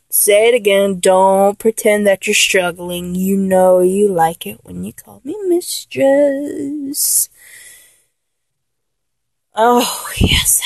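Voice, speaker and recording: In a comedic audio role-play, a woman plays a flustered young lover who keeps attempting to act dominant and failing. She sounds exasperated and keeps correcting herself, in a mid-range voice with no echo.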